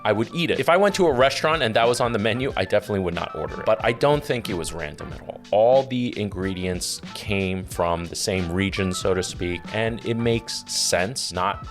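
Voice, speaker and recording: Low-voiced, easygoing male chef. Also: animated, brisk, hardly any pauses, faint music behind. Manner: easygoing, rambling, laughs often. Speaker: chef reacting to videos. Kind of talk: casual reaction commentary.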